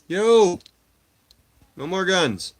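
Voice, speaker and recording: A man's voice: sits high, expressive, extremely slow. A man in his thirties from Canada, streaming live, chatting casually, swearing bluntly and cooing at his cat in a raised voice.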